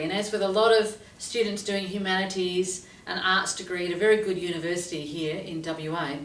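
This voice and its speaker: A woman working as a life coach, telling a story to camera in a lively, expressive way. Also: fairly low pitch. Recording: roomy echo, voice from a distance.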